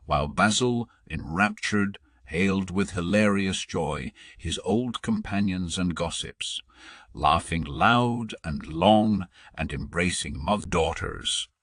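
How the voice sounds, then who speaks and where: A man narrating a poem for an audiobook in a measured, even reading style. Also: sits low, no echo, studio quality. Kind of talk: scripted poetry narration.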